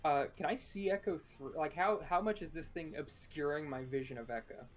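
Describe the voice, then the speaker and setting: A man's voice: on the high side, fairly quick. A man playing a character in a tabletop superhero game, talking plainly and bluntly, with harsh swearing in his in-character lines. Faint music plays under his voice. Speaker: player.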